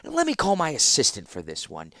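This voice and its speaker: A man's voice: a little high, wildly swooping pitch, brisk, pushed and bright, no echo, studio quality, voice pushed up, heavily acted. A man voicing a fawning, flustered shopkeeper who makes clocks, in an audiobook reading. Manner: obsequious, flustered and gushing. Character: fawning middle-aged male shopkeeper clockmaker. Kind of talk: audiobook character voice.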